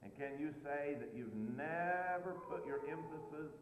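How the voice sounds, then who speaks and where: A man delivering a sermon, his voice sitting a bit high for a man. He hammers points home through repetition and asks his listeners direct questions. The sound rings in a roomy hall with a long reverb tail. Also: measured pace, slight background noise. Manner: rhetorical questions to the congregation, emphatic repetition. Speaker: preacher.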